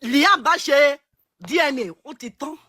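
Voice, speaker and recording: A woman speaking with impassioned emphasis in a heated live audio chat, at times raising her voice to a shout. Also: sits high, a little slow. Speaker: participant in a live audio discussion.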